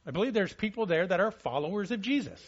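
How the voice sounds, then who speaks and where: A man's voice: sits high, expressive, fast talker, slightly rough. Man preaching, repeating words, dull recording. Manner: frequent restarts and repeated words, checks in with listeners. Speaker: pastor. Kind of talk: conversational sermon. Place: church service.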